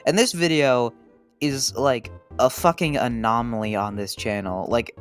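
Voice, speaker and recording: Brief: male commentator, mid pitch, loose and profane, stammery restarts, faint music behind. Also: a little slow. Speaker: video essayist. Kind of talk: casual video-essay commentary.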